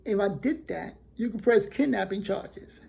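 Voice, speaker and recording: Gravelly New man telling a story. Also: sits high, a little slow, slight background noise. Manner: animated, acts out quoted dialogue. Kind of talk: casual spoken storytelling.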